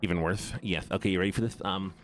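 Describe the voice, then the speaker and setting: A man's voice: low-pitched, fairly even intonation, fast talker, background noise. A man streaming a game, chatting playfully with viewers and laughing often. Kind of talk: casual live-stream chat while gaming.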